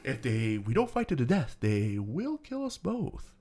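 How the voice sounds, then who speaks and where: A man co-hosting a movie podcast, retelling scenes in a loose, swearing, animated way and acting out the characters' lines. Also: medium pitch, measured pace. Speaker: podcast co-host. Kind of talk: casual movie review chat.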